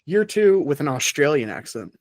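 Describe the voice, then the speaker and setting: A man's voice: on the high side, big pitch swings, moderate pace, a little mellow, dry recording. A man hosting a casual podcast game show, playful and laughing often between rules.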